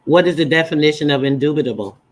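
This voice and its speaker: A woman's voice: sits low, fast talker. Emphatic woman preaching to her live chat. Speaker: livestream host. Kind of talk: live-stream teaching chat.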